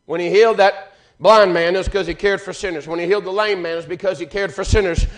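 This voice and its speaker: High-pitched fervent preacher man. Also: steady tone, quick pace. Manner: fervent, rising and falling in volume, repeated refrains. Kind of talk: sermon. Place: church.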